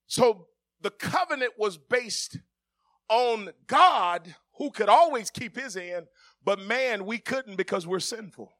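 A man preaching with a high voice that is bright and ringing. He drifts from quiet, joking talk with the congregation to loud shouted preaching. He is a middle-aged pastor. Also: animated, takes it slowly. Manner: swings from soft conversational asides to shouted preaching; jokes with the congregation, laughing. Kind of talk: sermon.

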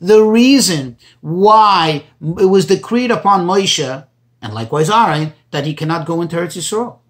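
A man teaching a Torah class, reading Hebrew phrases and translating each one into as he goes. His pitch jumps up when he stresses a point. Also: animated, moderate pace, a bit bright. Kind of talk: Torah class explaining commentaries.

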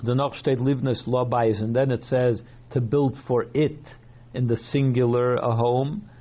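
A man giving a text study lesson, mixing Yiddish and Hebrew phrases into English, halting and translating each phrase. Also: mid-range voice, steady tone, lo-fi sound. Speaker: Torah teacher.

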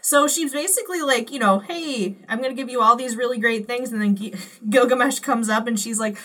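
Bright-voiced woman, slightly off-mic. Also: a little high, brisk, few pauses, distant mic. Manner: hesitant, many "um"s. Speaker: podcast co-host and judge. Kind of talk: casual podcast chat.

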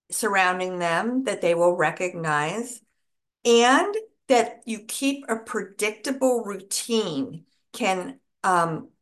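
Slow, calm woman teaching caregivers. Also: on the low side. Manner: calm, repetitive, reassuring coaching. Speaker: dementia care educator. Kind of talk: instructional talk.

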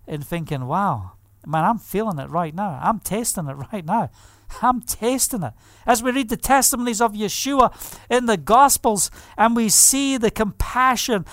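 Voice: medium pitch, a bit bright, no room sound, clean studio sound. A preacher giving a fervent testimony sermon, telling stories vividly. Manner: vivid storytelling, acts out quoted voices, fervent.

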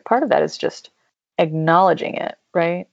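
A woman's voice: on the low side, moderate pace, vocal fry, no echo. A woman guest in casual chat, thoughtful and playful, heard on a dull, muffled recording. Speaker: podcast guest.

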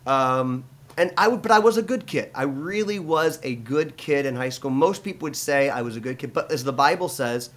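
A man's voice: medium pitch, lively intonation, normal speed, a bit bright. A middle-aged man from the United States, a pastor, telling his personal testimony in an interview, earnest and full of restarts and fillers.

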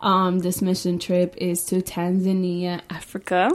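A woman's voice: fairly low pitch, monotone, measured pace. Emotional young woman in casual faith chat. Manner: emotional, filler-heavy, repeats "I just can't". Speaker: podcast host and lash artist.

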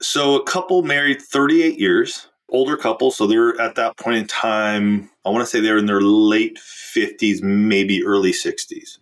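A man's voice: fairly low pitch, steady tone, measured pace, hardly any pauses. A man, a relationship coach, telling a client's story as a podcast guest, earnest and emphatic. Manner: earnest, emphatic, acts out quoted speech. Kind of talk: conversational storytelling.

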